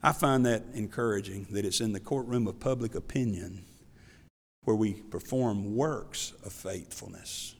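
A man's voice: lowish voice, a little slow, vocal fry. A male pastor preaching a sermon in a folksy, conversational way, telling Bible stories and reading scripture aloud. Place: church. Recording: reverberant church hall.

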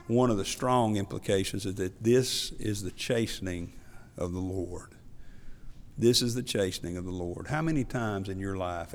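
A male pastor preaching a sermon in an earnest, confessional way, his voice swelling to loud, emphatic peaks. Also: fairly low pitch, vocal fry. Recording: long hall reverb.

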